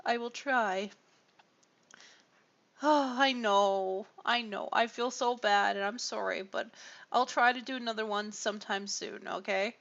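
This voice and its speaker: A woman's voice: mid-range voice, steady tone, unhurried, gravelly, a bit bright, dull audio. A tired woman chatting casually with viewers on a livestream, rambling and apologetic, with sighs. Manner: rambling, apologetic, with frequent sighs and small laughs.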